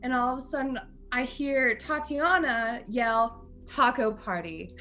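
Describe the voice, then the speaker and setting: A young woman co-hosting a podcast, chatty and quick to laugh while telling a story. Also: sits high, sharp tone. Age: young adult. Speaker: podcast co-host. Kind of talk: casual storytelling chat.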